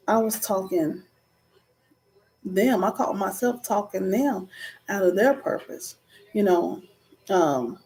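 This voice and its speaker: In a warm, medium-pitched voice, a female vlogger in her thirties gives a casual inspirational talk to camera. She's earnest and conversational, with frequent ums and preachy asides.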